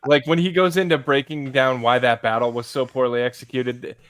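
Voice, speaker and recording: A man's voice: mid-range voice, little pitch movement, fairly quick, fairly bright tone, clear, resonant tone, no echo. A man with a mid-range voice hosting a podcast. He is blunt and swears freely, and the sound is dry and close. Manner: blunt, profane. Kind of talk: casual chat.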